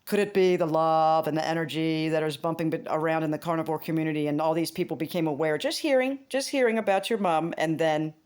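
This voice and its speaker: Woman, casual vlogger; loose, rambling, profane, quick to laugh, with wide pitch jumps. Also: darkish tone. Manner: rambling, swearing, laughing, big pitch swings.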